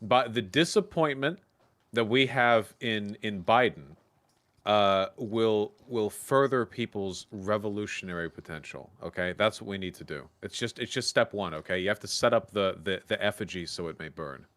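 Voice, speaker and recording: A man's voice: lowish voice, moderate pace, a bit bright. A young man, a show guest, talking casually and rambling, often checking in with "okay?". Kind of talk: casual debate chat.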